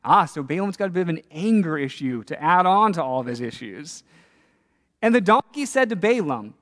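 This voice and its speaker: A male pastor tells a Bible story in his sermon, his high voice swinging widely in pitch as he questions his listeners. The sound carries a long reverb, as from a large hall. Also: sing-song, moderate pace, fairly bright tone.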